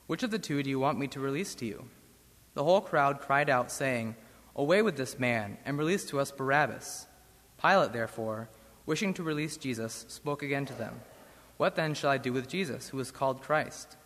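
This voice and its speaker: A man reading a Bible passage aloud in church with a measured, solemn delivery. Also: medium pitch, fairly bright tone. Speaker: scripture reader. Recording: long church reverb.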